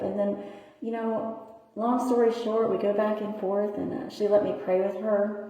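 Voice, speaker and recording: A woman's voice: medium pitch, level tone, normal speed, mellow. A woman shelter worker giving an earnest, near-tearful personal testimony that turns into preaching. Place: bathroom of a homeless shelter. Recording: echoey tiled bathroom.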